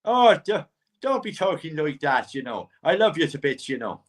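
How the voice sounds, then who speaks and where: A man's voice: a little high, very animated, normal speed. A man appearing as the guest medium on a live online show, chatty and teasing, often stammering at the start of a sentence. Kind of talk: casual live-stream chat.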